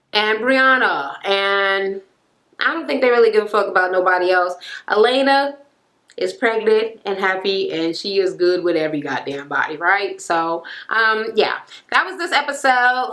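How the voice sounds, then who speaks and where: A woman's voice: medium pitch, sharp tone. A woman recapping a reality TV episode in a blunt, slangy, profane casual way. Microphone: camera mic.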